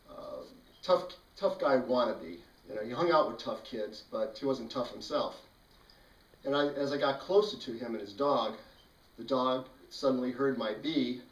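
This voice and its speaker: A man's voice: medium pitch, highs cut off. A man telling a childhood story in a casual, dry and wry way. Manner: dry, wry, matter-of-fact. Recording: roomy, mic at a distance.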